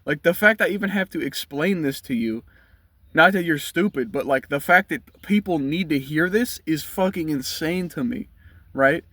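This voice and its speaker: A man's voice: a little high, lively intonation, normal speed, a bit bright, no echo. A man, ranting bluntly and profanely from inside his car. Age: 20s. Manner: blunt, profane, heated rant. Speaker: vlogger. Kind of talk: ranting commentary.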